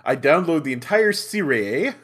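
A man's voice: a little high, very animated, moderate pace, fairly bright tone, breathy edge. A man reading a clumsy fan story aloud for laughs, stumbling over the wording and cracking up. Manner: stumbles over awkward phrasing, breaks into laughter. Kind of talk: comedic dramatic reading.

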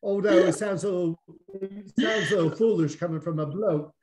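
A man's voice: sits high, fairly quick, darkish tone, a little hiss or hum. A man hosting a casual interview, bantering in a put-on Cockney accent. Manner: jokey, bantering. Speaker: podcast host.

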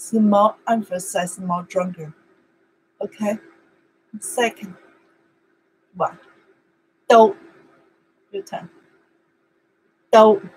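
A woman's voice: on the high side, slight background noise, poor audio. A woman whose first language is Chinese, teaching an online language lesson in simple, broken English and repeating words over and over for practice.

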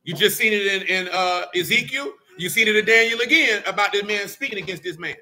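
A man leading a Bible study in a folksy, animated preaching style, quizzing his listeners and calling them "boy" and "man". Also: high-pitched, fast talker, hardly any pauses.

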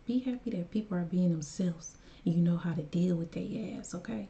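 Lady reacting to a clip, lecturing her viewers kinda preachy, deep dark voice. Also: fairly quick, vocal fry, dull audio. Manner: preachy, emphatic advice to viewers. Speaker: reaction channel host. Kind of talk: casual reaction commentary.

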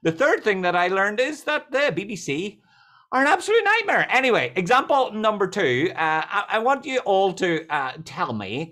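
A man giving a motivational talk on a video call, telling stories with lively jokes. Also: high-pitched. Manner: lively, joking storyteller. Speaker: speaker.

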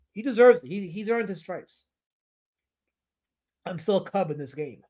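A man's voice: fairly high pitch, expressive, moderate pace, long pauses, darkish tone. A man hosting a casual livestream about comic artists, rambling, answering his chat and putting on playful mock outrage.

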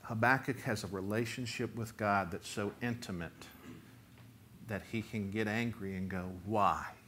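A middle-aged man, a pastor, preaching a sermon with animated delivery and sudden loud bursts. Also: fairly low pitch, normal speed, slight background noise. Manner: animated preaching, rising loud for quoted voices.

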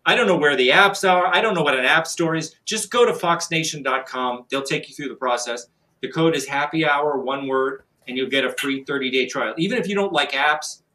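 A man hosting a trivia game show, upbeat and guessing quickly with stumbling restarts. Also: on the high side, bright, forceful tone, a little hiss or hum, low-quality recording.

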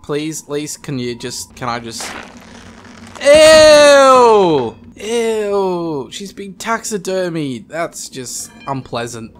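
A man doing excited game commentary, yelling and laughing as he plays. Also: a little high, a little slow, hardly any pauses. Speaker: gaming YouTuber. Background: game music.

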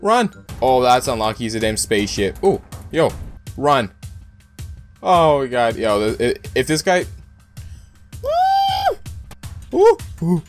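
Young man narrating his own gameplay, pitch leaping all over, blurting and cursing, soft music under. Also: measured pace. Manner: excitable, loud outbursts, heavy swearing. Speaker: gaming YouTuber. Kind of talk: live gameplay commentary.

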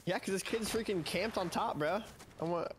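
A man chatting casually with a teammate while playing, giving quick tactical callouts and swearing now and then. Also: sits high, background noise. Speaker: gaming teammate. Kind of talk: casual gaming chat.

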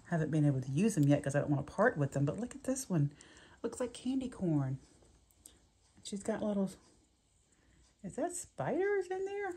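A woman's voice: medium pitch, very animated, normal speed, long pauses, dark tone. A woman chatting through a craft unboxing, gushing and giggly. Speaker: crafting vlogger. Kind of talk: casual unboxing chat. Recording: clear background noise, paper crinkling.

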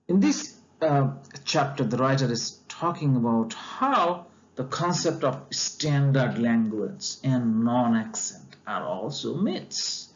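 A man explaining a textbook chapter like a lecture, speaking deliberately with frequent pauses, fillers and restarts. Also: medium pitch, highs cut off.

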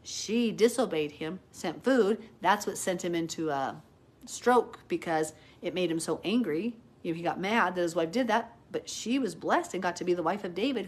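Earnest chatty woman teaching the Bible live. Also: slightly rough. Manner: earnest and chatty, reads out viewer comments; acts out quoted people with big jumps in pitch.

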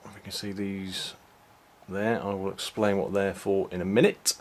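A man casually walking through a toy set, unhurried, with many ums and restarts. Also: sits low, flat delivery. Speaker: toy reviewer. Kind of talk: casual product walkthrough.

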